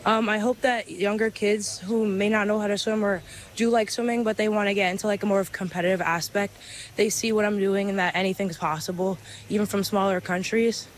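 A woman's voice: mid-range voice, fairly even intonation, fairly quick, slight background noise. Breathless teen girl athlete from Belize, post-race interview, hesitant and casual. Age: late teens.

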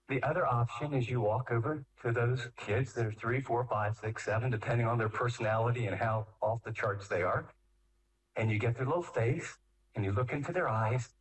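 A man's voice: medium pitch, distant mic, rough recording. A man giving a conversational sermon on parenting, telling stories and acting out parents and children. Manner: animated storytelling, acts out parents and kids.

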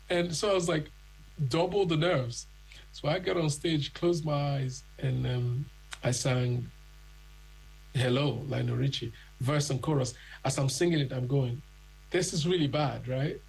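A man's voice: mid-range voice, a little slow, gravelly, husky, rough recording. A man from Nigeria telling his own story in an interview, acting out the voices of people he met. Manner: animated, acts out other people's voices.

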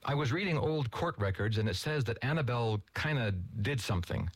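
A man's voice: mid-range voice, animated, husky, no room sound. A man doing a hesitant, guarded teen boy. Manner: hesitant, halting.

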